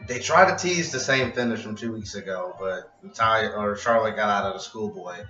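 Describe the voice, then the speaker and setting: A man's voice: on the low side, a little fast, pushed and bright. A man reviewing a wrestling show in a casual, rambling vlog, wry and freely profane. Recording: echoey, dull, distant with music.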